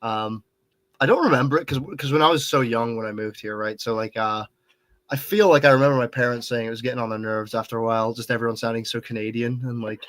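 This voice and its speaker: A man's voice: mid-range voice, steady tone, fast, a bit bright, no room sound. A northern English man, a guest musician, chatting easygoingly and swearing casually. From northern England. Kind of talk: casual interview chat.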